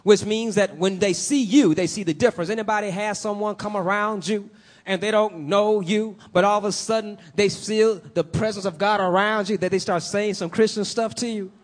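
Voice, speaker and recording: A man's voice: high-pitched, fairly even intonation, moderate pace. A man preaching a sermon, building emphasis in swells and putting questions to the congregation.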